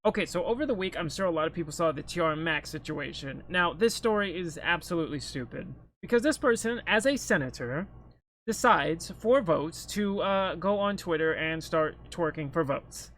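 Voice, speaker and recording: A man's voice: fairly high pitch, animated, normal speed, fairly bright tone, slight background noise. A man giving blunt, scornful opinion commentary to camera, swearing freely.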